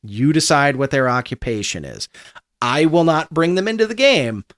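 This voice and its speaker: A man's voice: on the high side, very animated, normal speed, fairly bright tone. A man narrating as game master of a tabletop role-playing game, loose and full of fillers.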